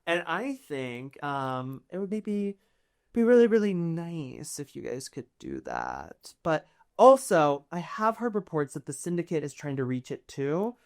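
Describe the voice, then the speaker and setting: Casting: a man doing a flirty court noblewoman who flatters and schemes, sweet-talking and gossipy, pitched a touch high. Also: a little slow, gravelly, exaggerated voice. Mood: scheming.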